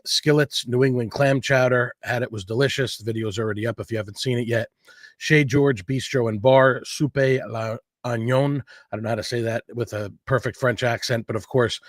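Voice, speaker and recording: A man's voice: lowish voice, dry recording, studio quality. Chatty upbeat man hosting a food livestream. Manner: chatty and upbeat, rambling with fillers. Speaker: host of a local food show. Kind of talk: casual livestream announcement. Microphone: livestream setup.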